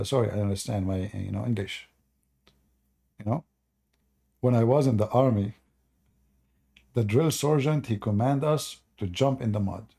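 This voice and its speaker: A man with an Arabic accent, a native Arabic speaker, hosts a live channel with loose, rambling stories. His voice is gravelly, husky and mellow, and he keeps breaking into chuckles as he mocks himself. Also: medium pitch. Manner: chuckles often, rambling, self-mocking. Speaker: host of a live call-in channel. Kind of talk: casual storytelling to a live audience.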